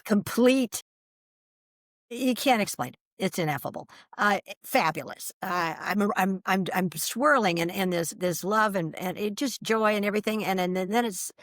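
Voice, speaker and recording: An older woman telling a personal story as an interview guest, animated and vivid, acting out the voices she quotes. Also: mid-range voice, moderate pace, dry recording, studio quality.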